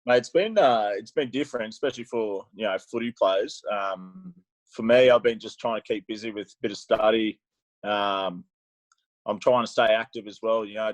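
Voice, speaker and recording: Laid-back low-voiced Australian man. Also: dry recording. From Queensland, Australia. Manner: laid-back, says mate often, reflective. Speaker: guest rugby player. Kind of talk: casual video call chat. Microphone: video call.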